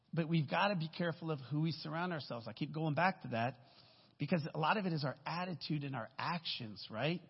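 Husky man in his fifties preaching. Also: on the high side. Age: 50s. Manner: casual, storytelling, folksy asides. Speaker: guest speaker. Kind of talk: conversational sermon. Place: church sanctuary. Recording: echoey hall, dull lo-fi sound.

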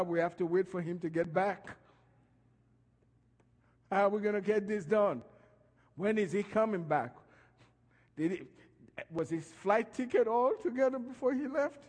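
High-voiced preacher in a reverberant hall. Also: male voice. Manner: animated preaching, voice rising and falling in emphasis. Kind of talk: sermon.

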